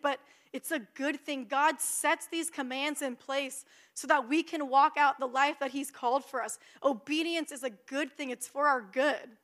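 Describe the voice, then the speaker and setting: A young woman preaching a sermon in a conversational, animated way, acting out her own thoughts. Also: high voice, moderate pace, hardly any pauses.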